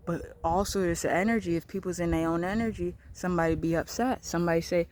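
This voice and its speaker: Rambling, profane woman thinking out loud. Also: fairly low pitch, steady tone, quick pace, a little hiss or hum. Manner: rambling, repetitive, profane, loose trains of thought. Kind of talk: rambling monologue.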